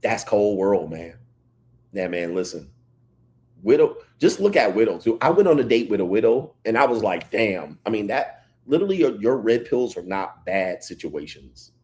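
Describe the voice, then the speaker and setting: A man hosting a casual livestream, reading chat comments and telling stories in an animated way. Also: lowish voice, normal speed. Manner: animated storytelling, reads chat comments aloud. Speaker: livestream host.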